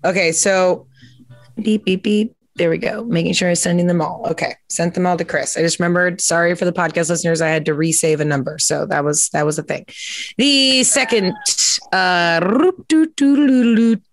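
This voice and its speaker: Reading captions aloud on her podcast, this host keeps the interview chat loose, full of fillers and giggles. Her pitch is fairly low and she talks a little fast. There's no echo in the recording.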